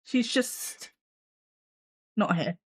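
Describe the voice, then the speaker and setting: A woman's voice: medium pitch, lively intonation, extremely slow, husky. A woman hosting a casual live stream from her desk at home, chatting with viewers and her cat with a sarcastic, self-mocking humor.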